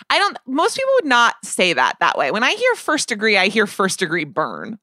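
A woman chatting casually on a podcast about music, playful and animated, often stopping to rephrase. Her pitch bounces a lot and her tone is bright and forward. The recording is dry and close, with no room sound. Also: a little fast, hardly any pauses, no echo. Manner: animated, playful, self-interrupting. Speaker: podcast co-host. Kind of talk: casual chat reviewing music.

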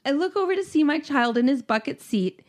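A young woman reading a personal story aloud in a sarcastic, animated way. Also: high voice, fairly quick.

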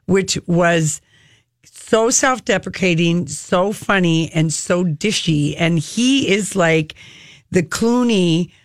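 A woman's voice: fairly low pitch, slow, no echo, clean studio sound. A woman co-hosting a radio show, chatting casually and gushing about celebrity gossip. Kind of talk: casual entertainment chat.

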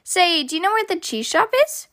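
A woman's voice: extremely high pitch, lively intonation, moderate pace, fairly bright tone, voice pushed up. A woman voicing a cheerful, cheese-loving young male pig in a storybook reading, eager and sing-song.

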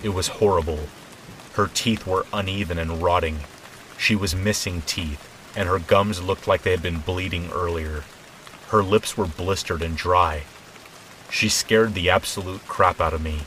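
A man narrating a scripted first-person horror story in a steady, measured way. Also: deep voice, a little hiss or hum, poor audio. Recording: soft rain behind.

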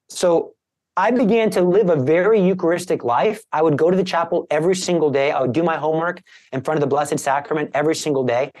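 A man's voice: a little high, darkish tone. Man giving an earnest emotional testimony. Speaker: guest, Catholic evangelist. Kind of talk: personal conversion testimony.

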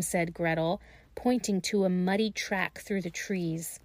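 A woman reading a fairy tale aloud in a slow, gentle and expressive way. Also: mid-range voice, no echo. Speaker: storyteller.

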